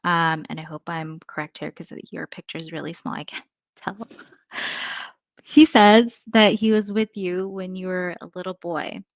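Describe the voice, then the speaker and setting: A woman's voice: lowish voice, fairly even intonation, unhurried, no room sound, muffled recording. A woman psychic medium giving a live reading in a chatty, thinking-aloud way, full of fillers.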